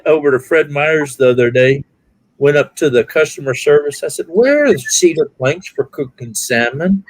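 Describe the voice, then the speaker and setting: A man's voice: medium pitch, dry recording, rough recording. A man in a casual online group chat, telling an anecdote and acting out the other people's lines in a raised voice. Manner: animated storyteller who acts out quotes in a raised voice.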